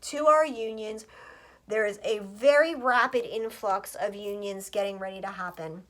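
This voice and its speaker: A woman's voice: medium pitch, moderate pace, a bit bright. A woman giving a casual tarot reading for her viewers, chatty and scattered, swearing freely as she talks. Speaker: astrologer and tarot reader.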